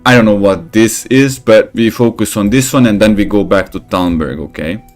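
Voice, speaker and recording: A man giving casual gameplay commentary, rambling and swearing, who gets animated when he tells stories. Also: lowish voice, moderate pace, soft background music. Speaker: gaming channel host.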